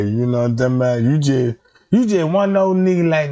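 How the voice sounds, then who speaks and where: A man's voice: fairly high pitch, animated, brisk, dark tone. A man in a casual comedic rant, profane and rambling, jumping into quoted voices, on a dull lo-fi recording.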